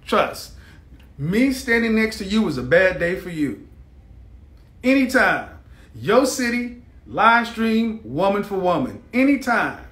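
A man's voice: high voice, very animated, slow, fairly bright tone, roomy sound. A man hosting a live stream, ranting in a blunt, mocking, combative way.

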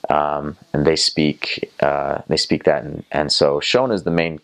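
Deep-voiced young Southern American man. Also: flat delivery, measured pace, gravelly. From North Carolina, USA. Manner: rambling, many fillers and restarts. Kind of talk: casual storytelling.

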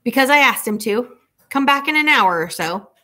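A woman reading a story aloud, voicing a calm, clipped, eccentric older man who was once a governor. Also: a little high, normal speed, pitched above the performer's own voice.

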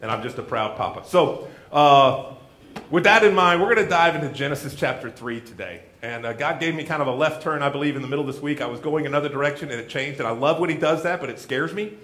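A man's voice: fairly high pitch, quick pace. A man preaching a sermon in a church, telling a folksy joke story and acting out the voices of its characters. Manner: animated storytelling with acted-out voices; jokey, folksy. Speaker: pastor.

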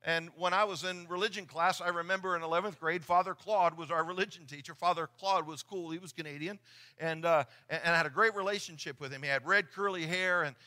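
A man's voice: a little high, steady tone, fast talker, pushed and bright. A middle-aged man preaching a sermon in church, earnest and often repeating his words as he talks. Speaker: pastor. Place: church sanctuary.

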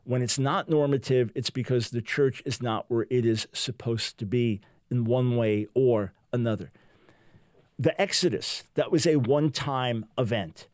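A man's voice: mid-range voice, unhurried, darkish tone, dry recording, clean studio sound. An older American man hosting a Christian talk show, preaching fervently and reading a testimony aloud with emphasis. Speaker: radio show host.

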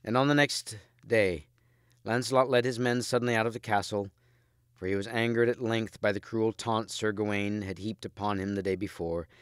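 Steady man reading a storybook. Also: on the low side, clean tone, no echo, studio quality. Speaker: audiobook reader. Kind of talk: scripted narration.

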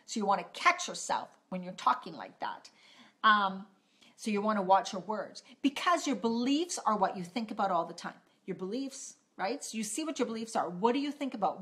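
A woman health coach giving an upbeat, emphatic motivational talk to camera, recorded on a phone. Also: medium pitch. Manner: upbeat, emphatic, repeats key points.

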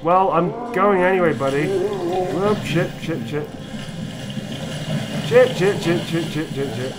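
A man, a voice actor, reacting to a game in casual chat, animated and swearing a lot. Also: sits high, takes it slowly. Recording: loud background noise.

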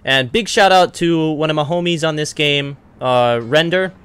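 A man hosting his own gaming channel, giving casual, excitable commentary over a naval battle game and swearing freely as he talks to the enemy. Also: a little high, normal speed, clear, resonant tone. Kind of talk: live gameplay commentary.

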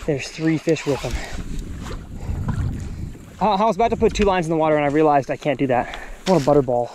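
A man, hosting a fishing vlog from a boat outdoors, excitedly exclaiming and talking to the fish as he catches them. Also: on the high side, a little fast, a little hiss or hum. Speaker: fishing channel host.

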